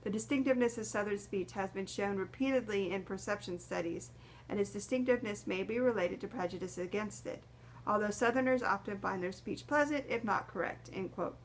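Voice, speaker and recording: A young adult woman presenting as a student, reading a prepared class presentation in a steady, careful way. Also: medium pitch, fairly quick, slight background noise. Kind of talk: read-aloud class presentation.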